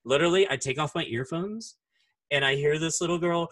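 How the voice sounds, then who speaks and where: This man tells stories in casual chat with a bright, sharp tone and a slightly high voice. He swears freely and acts out the people in his stories. He talks through headphones. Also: big pitch swings, moderate pace. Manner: profane storyteller who acts out voices.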